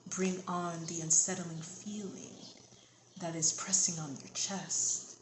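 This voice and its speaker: A woman giving a channeled tarot reading, reassuring and repeating calming phrases. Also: lowish voice, slow. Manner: soothing, reassuring, repetitive. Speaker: tarot reader. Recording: echoey room, faint background noise.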